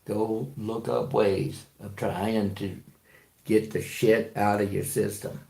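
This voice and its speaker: A man's voice: lowish voice, little pitch movement, takes it slowly, vocal fry, a little mellow. A man who drives trucks, talking in a rambling, profane monologue full of fillers and restarts. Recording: echoey room.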